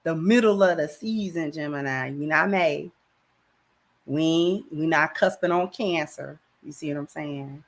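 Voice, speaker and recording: A woman's voice: low-pitched, measured pace. A woman hosting a livestream, talking casually in a slangy, rambling way on a camera mic. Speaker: livestream host.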